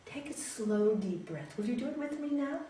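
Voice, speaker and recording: Animated woman yoga teacher, echoey hall. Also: high-pitched, normal speed. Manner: animated, gently coaching, often asks "hmm?". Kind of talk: spiritual talk answering audience questions. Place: large hall. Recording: echoey hall from far off, faint noise.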